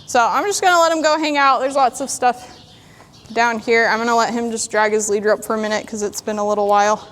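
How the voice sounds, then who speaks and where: A woman horse trainer in a sandy arena, calmly explaining while she works a young horse and talks to it. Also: on the high side, fast talker, a little hiss or hum. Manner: calm, plainspoken, talks to the horse in between. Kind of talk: training demonstration.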